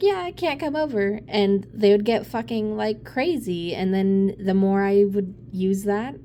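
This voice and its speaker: A woman's voice: medium pitch, mellow, slight background noise. A woman giving a casual tarot reading, blunt and profane, rambling with laughs and sighs. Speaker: tarot reader.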